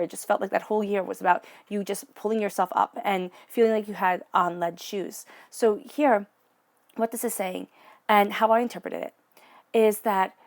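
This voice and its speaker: A woman giving an encouraging psychic tarot reading in a gentle, spiritual way of speaking. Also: medium pitch. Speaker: tarot reader.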